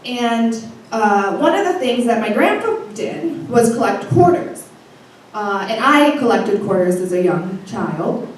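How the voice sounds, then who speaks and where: A woman's voice: a little high, sing-song, unhurried. A young woman telling a funny, profane personal story to a live audience, laughing as she goes. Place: live stage before an audience. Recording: echoey hall from far off, faint noise.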